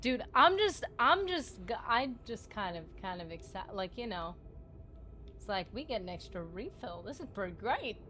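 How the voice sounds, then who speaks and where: A woman livestreams a video game, chatting casually with viewers in a mid-range voice that swings widely in pitch, bright and forceful at normal speed. She's giggly, rambling and playful, teasing both her viewers and her partner, over a little hiss or hum.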